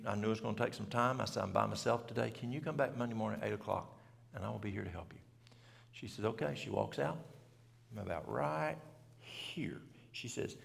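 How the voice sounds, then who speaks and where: A middle-aged man, telling a story to a church audience in plain, folksy country talk. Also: fairly low pitch. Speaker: health seminar speaker. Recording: gravelly voice in a reverberant church hall.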